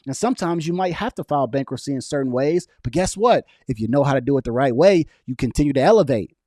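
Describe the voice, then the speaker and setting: A young man speaking casually on a livestream, arguing back at viewers' chat comments in an animated, argumentative way. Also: mid-range voice, quick pace, no room sound, studio quality. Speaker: political vlogger reading live chat.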